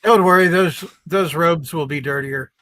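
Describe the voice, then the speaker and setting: A man's voice: fairly high pitch, normal speed, a bit bright, dry recording. A man playing a tabletop game, chatting casually with joking asides. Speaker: player. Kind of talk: casual chat.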